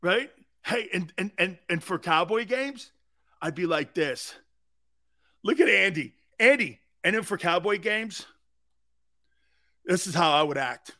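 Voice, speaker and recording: A man with a notably high speaking voice hosts a sports talk show. He rants loudly and with humor, jumping into the shouted voices of furious fans before dropping back to his own chatty delivery. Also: unhurried, long pauses. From United States. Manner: animated, acts out angry fans in bursts. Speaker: sports radio host. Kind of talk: loud comic sports talk rant.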